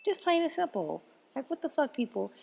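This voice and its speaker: A fairly high-voiced woman holds forth on her own podcast with a sweeping, lively pitch and a gravelly rasp. She swears freely and laughs often as she rants. The recording sounds dull and carries a long, hall-like reverb. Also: brisk, a little hiss or hum. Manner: animated, profane, frequent laughter. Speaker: podcast host. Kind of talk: solo podcast rant.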